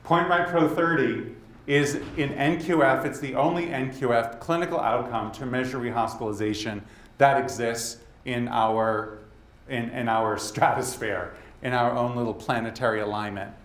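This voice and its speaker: Boston-accented man presenting in a roomy hall. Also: mid-range voice. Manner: animated, talks straight to the audience with quick asides. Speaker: conference speaker. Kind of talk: leadership summit presentation. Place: conference hall. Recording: roomy hall with faint background noise.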